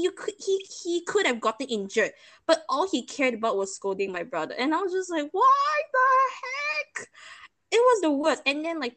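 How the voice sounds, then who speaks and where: A woman's voice: medium pitch, a bit bright. A young woman from Malaysia, chatting casually and telling stories with laughter and sarcastic asides. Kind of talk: casual chat.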